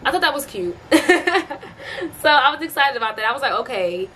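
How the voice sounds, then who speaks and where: A young woman in her twenties vlogs from home, talking casually to her camera in an upbeat, chatty way, laughing often and using lots of fillers. Her voice sits high, very animated and pushed bright, at a normal speed, with a little hiss or hum in the recording.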